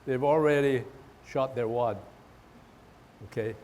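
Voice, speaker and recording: A man's voice: medium pitch, slow, a little mellow, a little hiss or hum. A man teaching a tai chi class, explaining and demonstrating moves, often repeating words and restarting his sentences.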